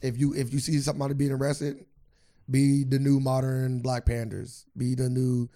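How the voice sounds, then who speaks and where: A man's voice: medium pitch, completely flat delivery, normal speed, warm tone. A man co-hosting a podcast in casual chat, earnest, hedging and restarting as he talks. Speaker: podcast co-host.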